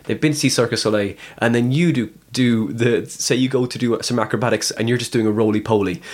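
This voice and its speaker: A man's voice: mid-range voice, fairly even intonation, fast talker, darkish tone. A man, a comedian guest on a podcast, telling rambling stories with many restarts. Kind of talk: casual podcast chat.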